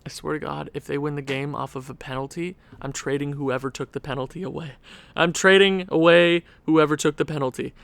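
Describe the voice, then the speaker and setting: A man's voice: fairly high pitch, fairly even intonation, fairly quick, creaky, a bit bright. A young man giving casual gameplay commentary as a video creator, ranting in exasperation at the game with sighs and rueful laughs.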